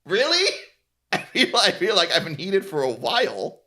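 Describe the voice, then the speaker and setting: A man streaming as a VTuber, ranting in a sarcastic, animated way, swearing often and laughing at himself. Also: high-pitched, normal speed. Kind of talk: casual stream rant.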